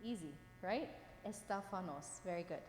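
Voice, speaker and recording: Reading vocabulary aloud to her class, this woman speaks expressively at a moderate pace in a low, darkish voice. She's patient and encouraging, checking in frequently to make sure students keep up. Long reverb fills the room, with faint noise underneath.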